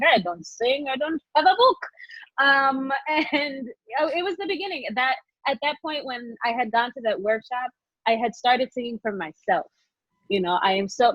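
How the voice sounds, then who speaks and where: A woman guest telling a story emotionally and excitedly over a video call from her phone. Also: a little high, no echo, lo-fi sound. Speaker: podcast guest. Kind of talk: casual video-call chat.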